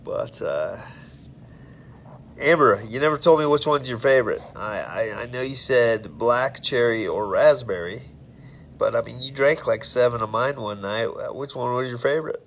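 A man's voice: medium pitch, animated, unhurried, fairly bright tone, slight background noise. A man hosting a casual live stream, rambling in a friendly, tipsy way as he tells stories and greets viewers.

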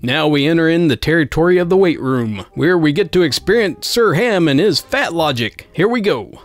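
A male narrator reads a story aloud with a wry, sarcastic edge, his voice sitting slightly high for a man. Faint music plays underneath. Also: lively intonation, normal speed, no echo. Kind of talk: scripted narration of an online story.

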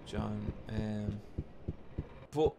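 A man's voice: fairly low pitch, very slow, very noisy. Exasperated swearing man commentating a game. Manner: exasperated, swears, rants in frustration. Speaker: gaming YouTuber. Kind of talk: casual game commentary to chat.

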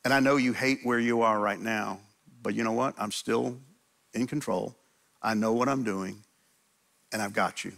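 A man voicing God as a calm, reassuring figure speaking low and softly to a troubled believer. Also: fairly quick, hardly any pauses.

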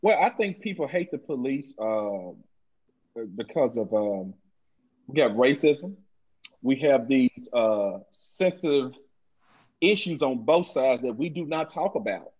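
A man's voice: mid-range voice, expressive, measured pace, a little mellow. A man who is a police officer, speaking as a guest on a panel discussion. He tells stories emphatically and often repeats his phrases. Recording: dull lo-fi audio.

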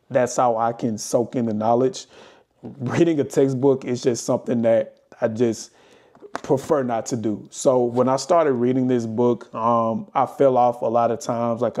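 A young adult man talking casually to camera and walking through his study experience with plenty of fillers. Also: medium pitch. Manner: relaxed, conversational, many fillers. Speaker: vlogger. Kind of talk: casual talking-head explainer.

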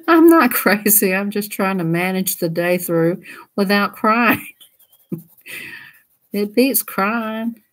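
A woman's voice: mid-range voice, expressive, takes it slowly, pauses often. A woman who hosts a coloring channel chats casually while she colors. She giggles a lot and keeps slipping into silly voices.

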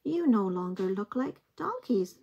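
A woman reading the lines of a kindly wise old man in a picture book, speaking slowly and deliberately. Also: mid-range voice, big pitch swings, gravelly, warm tone, slightly rough, muffled recording, heavily acted. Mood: earnest. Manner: slow, deliberate storytelling voice.

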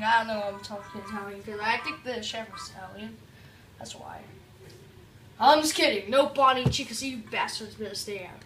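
A woman's voice: mid-range voice, a little fast, over music. A woman doing casual let's-play commentary, joking around and reading on-screen tutorial text aloud. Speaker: gameplay commentator.

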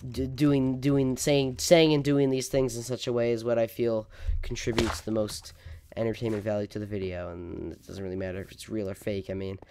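A man's voice: mid-range voice, level tone, moderate pace, darkish tone, slight background noise. Melodramatic stammering man gaming. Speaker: gaming video host. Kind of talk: casual gameplay commentary. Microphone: desk microphone, sometimes leaning away from it.

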